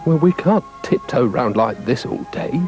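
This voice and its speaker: A man's voice: medium pitch, expressive, unhurried, a little mellow, soft background music, close to an everyday voice. A man voicing a grumpy, sarcastic male dog with a dry, grumbling manner.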